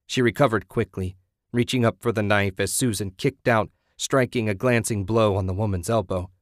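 A man narrating a violent horror story in a steady, measured audiobook reading. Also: lowish voice, no echo, clean studio sound.

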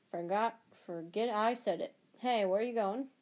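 A blundering half-giant groundskeeper, read aloud by a woman, rambling and blurting things out. He is a gruff storybook figure who talks too much. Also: mid-range voice, moderate pace, a little mellow, close to an everyday voice. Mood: chatty, flustered.

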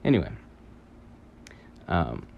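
A man telling a long dream story in a halting, rambling way, full of fillers, restarts and casual swearing. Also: lo-fi sound, a little hiss or hum. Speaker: podcaster recounting a dream.

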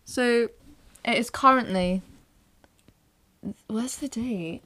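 A teenage woman hosting a casual podcast, giggly, excitable and easily flustered. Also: a little high, takes it slowly. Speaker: podcast host. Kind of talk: casual chat.

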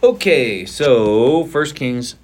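A man's voice: medium pitch, animated, extremely slow. A male pastor on a podcast, reading Bible passages aloud expressively and bantering playfully with his co-host.

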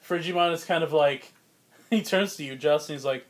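A man's voice: a little high, moderate pace. A man narrating as game master of a comedic tabletop game, loose and laughing, with lots of fillers.

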